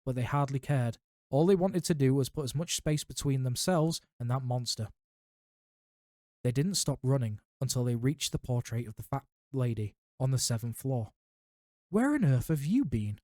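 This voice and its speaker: Male storybook reader, mellow tone, dry close mic. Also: mid-range voice, moderate pace, no room sound. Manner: steady narration with small slips. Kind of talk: audiobook reading of a novel.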